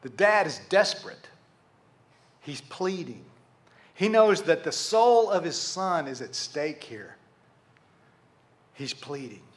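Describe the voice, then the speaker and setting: Animated, high-voiced preacher. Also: male voice, slow pace, long pauses. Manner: animated, rhetorical questions, addresses congregation directly. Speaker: pastor. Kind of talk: sermon.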